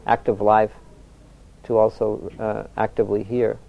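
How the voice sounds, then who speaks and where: A soft-spoken older man, a spiritual teacher telling anecdotes in a reflective talk, often restarting his sentences. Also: on the low side, monotone, a little slow, vocal fry. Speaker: spiritual teacher answering questions. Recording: dull lo-fi recording.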